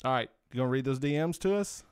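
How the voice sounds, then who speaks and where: A man's voice: mid-range voice, fast, a little mellow, clear, resonant tone, dry recording, studio quality. A man co-hosting a podcast in casual chat, joking and eagerly moving the show from one segment to the next. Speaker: podcast co-host.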